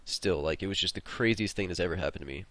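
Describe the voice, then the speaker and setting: Low-voiced rambling gaming host. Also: male voice, fast, a bit bright, no room sound. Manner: rambling, swears freely. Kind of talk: casual storytelling over gameplay.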